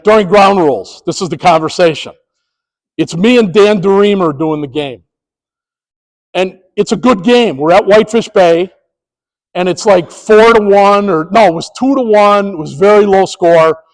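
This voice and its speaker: High-voiced man telling an umpire story. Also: low-quality recording. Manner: animated, acts out scenes. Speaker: sports officiating trainer. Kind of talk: storytelling presentation.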